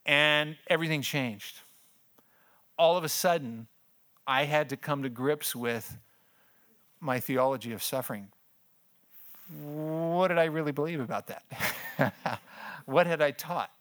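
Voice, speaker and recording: Older man, pastor, bright voice, conversational testimony, frequent laughs. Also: a little slow, long pauses. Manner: conversational storytelling, laughs often, voice drops low in heavy moments. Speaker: pastor and missions speaker. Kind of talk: personal testimony talk.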